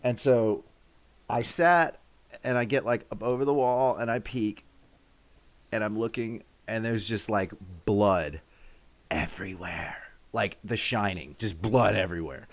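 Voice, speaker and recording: A man in his thirties hosting a live stream, casually telling a story to his chat and acting out sounds and shouts along the way. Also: on the low side, unhurried. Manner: animated, acts out sounds and his own shouts.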